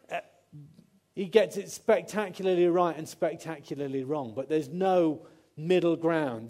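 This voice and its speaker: Mellow-voiced man preaching a sermon. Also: sits high. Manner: conversational, with restarts and acted-out quotes.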